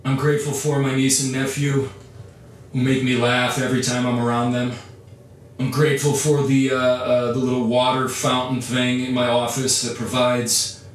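A man's voice: medium pitch, level tone, normal speed, fairly bright tone, far from the mic, a little hiss or hum. Man podcasting his morning routine, roomy. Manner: narrates his actions as he goes, upbeat. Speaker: podcast host. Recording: roomy echo, off-mic, faint music.

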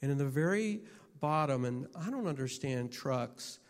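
Halting man telling a story, reverberant hall. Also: medium pitch, lively intonation. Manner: halting, repeats his starts. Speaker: minister and teacher. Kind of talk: personal story in a sermon.

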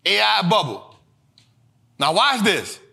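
High, lively man hammering home a point. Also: slow pace, vocal fry, husky. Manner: emphatic and repetitive, drilling points home; slangy, animated delivery with bursts of shouting. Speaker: host. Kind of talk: street-style finance lesson.

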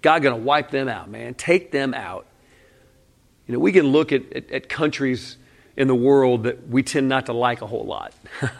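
Man preaching a casual sermon. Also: mid-range voice. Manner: casual, candid, peppered with "man" and short laughs. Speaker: pastor. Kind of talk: conversational sermon.

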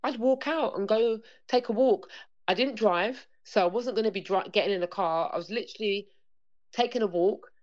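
A woman with a mid-range, darkish voice speaks at a normal pace as a guest on a conversational interview show, talking earnestly and repetitively about parenting and acting out bits of dialogue. The sound is dull and lo-fi.

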